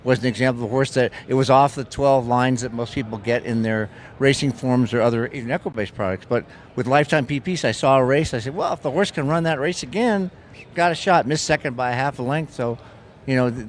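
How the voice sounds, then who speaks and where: A male contest player interviewed on a live stream, with an even, mid-range voice. He stumbles and restarts often as he lays out his approach. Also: mid-range voice, slight background noise. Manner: halting, stumbles over words. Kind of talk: casual interview.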